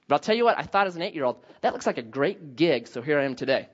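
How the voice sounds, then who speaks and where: Male pastor, animated sermon, bright tenor that leaps up and down. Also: high-pitched, quick pace, few pauses, muffled recording. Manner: animated storytelling with self-mocking jokes. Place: church sanctuary.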